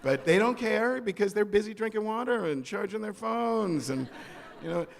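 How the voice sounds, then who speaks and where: A man telling a story on stage at a live event, animated and comic, acting out the people in it. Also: sits high, normal speed, gravelly, big-room sound. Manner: animated, comic, acts out quoted voices.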